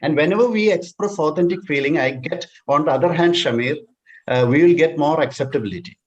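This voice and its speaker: A man's voice: a little high, a little fast, muffled recording. A man, a counsellor answering questions in an online session, explaining and repeating key phrases. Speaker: counsellor and workshop presenter. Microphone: video call.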